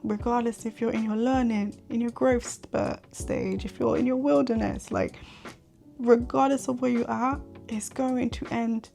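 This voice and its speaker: A woman's voice: on the high side, steady tone, unhurried, gravelly, dark tone, faint music behind. A young woman in her twenties hosting a faith podcast, speaking earnestly and candidly and often repeating herself for emphasis. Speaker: podcast host.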